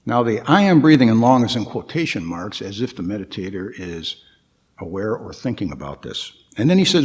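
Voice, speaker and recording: A man giving a guest dharma talk at a temple, hesitant, with frequent pauses and restarts. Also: on the low side, animated.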